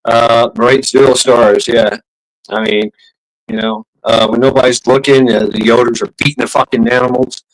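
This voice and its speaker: A man's voice: mid-range voice, steady tone, moderate pace, poor audio. A man streaming, telling a story in a casual, rambling way, swearing often, laughing and restarting his sentences. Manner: profane, laughing, full of fillers and restarts. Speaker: live streamer.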